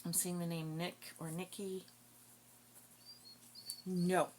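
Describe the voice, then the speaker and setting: Slow, musing woman psychic. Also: on the low side, steady tone, slight background noise. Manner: slow, musing, thinking aloud. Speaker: psychic card reader. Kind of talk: casual channeled reading.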